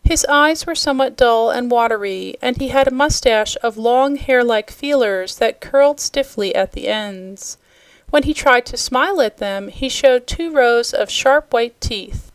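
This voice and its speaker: A woman narrating a children's storybook aloud in a steady, expressive way. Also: fairly high pitch, a little slow, smooth, no echo. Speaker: storybook reader.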